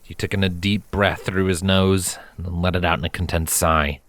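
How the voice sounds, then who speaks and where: A man narrating a fanfiction story in a calm, steady read-aloud manner. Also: sits low, moderate pace, no room sound. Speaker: fanfiction reader.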